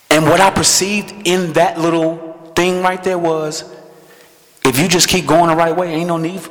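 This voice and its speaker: A man's voice: fairly high pitch, big-room sound. A man preaching a conversational sermon that he builds around his own testimony, acting out quotes as he goes. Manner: conversational, animated, acts out quotes.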